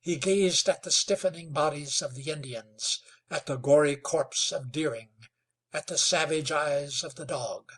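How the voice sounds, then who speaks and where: Slow, bright-voiced male narrator. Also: fairly high pitch, breathy edge. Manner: slow, dramatic storytelling. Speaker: audiobook narrator. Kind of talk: scripted narration.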